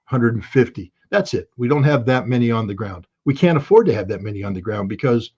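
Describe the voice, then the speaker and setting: A man's voice: medium pitch, expressive, fairly quick, a little mellow, husky, muffled recording. A man speaking as a guest analyst in an interview, blunt and emphatic, now and then bursting into alarm. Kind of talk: interview commentary.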